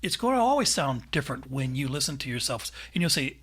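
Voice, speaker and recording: A man hosting a casual chat podcast, his voice bright and a little husky. He talks with lively, swinging pitch and laughs often. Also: quick pace. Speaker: podcast host and editor.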